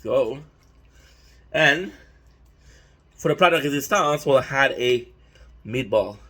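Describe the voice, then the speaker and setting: A young man with a bright, forceful voice talks casually through a cooking-and-eating vlog. He drops swear words freely and throws in hyped asides as he goes. His pitch sits in an ordinary middle range for a man. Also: animated, slow pace. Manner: loose and profane, hyped asides. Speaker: mukbang vlogger.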